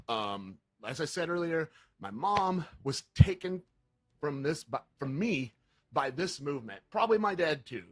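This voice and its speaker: A man hosting a livestream, talking in an earnest, impassioned way with many fillers and halting restarts. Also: on the high side, a bit bright, no echo. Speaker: livestream host. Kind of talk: emotional livestream talk.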